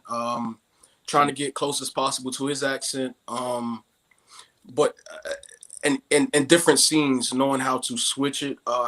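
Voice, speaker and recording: A man's voice: mid-range voice, bright, forceful tone. A man with an African American accent, a guest actor talking in a humble, grateful way, stumbling and restarting often. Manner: humble and grateful, with many restarts and "you know what I mean". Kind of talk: casual interview talk.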